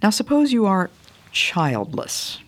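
An older woman gives a devotional radio talk. She speaks slowly and earnestly, at a middle pitch, into a studio microphone. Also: huge pitch swings. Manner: slow, measured, earnest. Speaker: radio Bible teacher.

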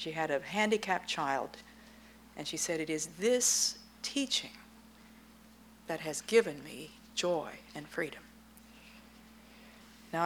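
Woman preaching, middle-aged, low-pitched, earnest, storytelling, faint hiss behind. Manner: earnest, animated storytelling with acted-out dialogue. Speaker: Christian speaker. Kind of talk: sermon talk to a women's audience.

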